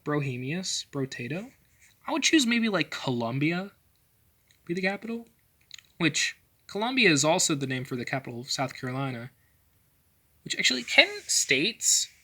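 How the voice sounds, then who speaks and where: A man's voice: fairly high pitch, pushed and bright. A young man casually talking over a map, rambling with lots of fillers and self-corrections as he ranks things. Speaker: vlogger.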